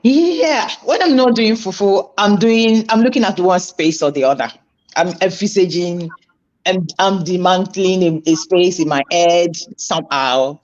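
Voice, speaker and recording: A woman's voice: on the low side, unhurried, a little mellow, highs cut off. A woman being interviewed as a guest, earnest and thoughtful, often repeating words as she thinks aloud. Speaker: interview guest, food entrepreneur.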